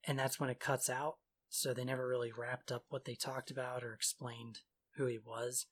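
Over slight background noise, a man with a mid-range voice and little pitch movement chats casually about a video game's story. As a podcast co-host, he retells it sarcastically and offhandedly, dropping quick mock quotes along the way.

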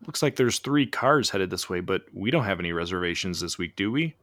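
Man voicing a dignified ranch hand in his late forties, earnest, sincere, low voice. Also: lively intonation, brisk, a bit bright, no room sound.

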